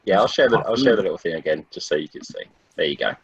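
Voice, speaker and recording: Male game master, husky and dry, casual and chatty, lo-fi call audio. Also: low-pitched, expressive, racing, dry recording. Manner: casual, laughs often. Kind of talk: narrating a tabletop game.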